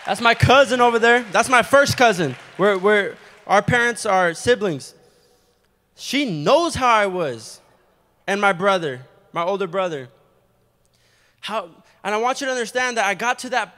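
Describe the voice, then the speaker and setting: A young adult man preaching a testimony sermon in a church, animated and storytelling, with quick asides. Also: high voice. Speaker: guest preacher giving testimony. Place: church sanctuary. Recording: long hall reverb.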